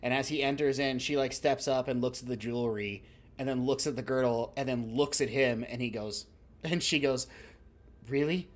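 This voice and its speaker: A man running a tabletop game, telling the scene in a loose, rambling way. He stops often for fillers and breaks into laughter as he goes, at a middle pitch. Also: fairly even intonation, a little fast. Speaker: game master.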